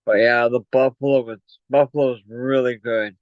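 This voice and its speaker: Breathless from going up and down stairs, a man hosting a casual livestream rambles and chats, plugging his merch. He has a mid-range voice, a steady tone and a normal speed, heard through dull lo-fi call audio without room sound.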